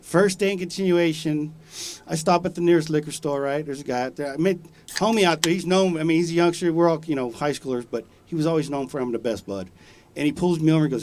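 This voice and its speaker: A man's voice: fairly high pitch, fast talker, darkish tone. A man in his forties, a guest on a live talk show, telling loose, slangy, profane stories with plenty of laughter. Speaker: studio guest. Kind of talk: casual storytelling chat. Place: radio studio.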